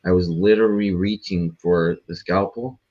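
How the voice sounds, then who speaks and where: A man appearing as a podcast guest, telling a story in a rambling, profane, animated way. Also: deep voice, normal speed, highs cut off. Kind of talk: casual storytelling.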